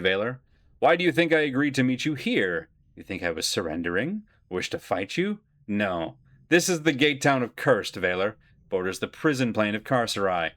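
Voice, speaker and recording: A cold, calculating immortal man from a fantasy game, given voice by a man, speaking in measured and final tones. The pitch is low and the recording is dry and close. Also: fairly bright tone, dry recording. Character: cold calculating male immortal, past self.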